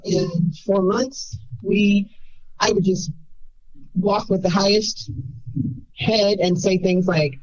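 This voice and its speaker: A woman in her fifties calling in anonymously, telling her story in an animated, rambling way and acting out what others said. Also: medium pitch, a little slow, highs cut off. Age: 50s. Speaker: anonymous caller. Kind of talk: casual storytelling.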